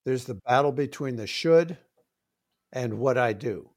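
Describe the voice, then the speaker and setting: A man's voice: medium pitch, unhurried. A man, a trading psychology coach, talking animatedly in a round-table discussion and acting out coaching exchanges. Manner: animated, demonstrative, acts out coaching dialogue.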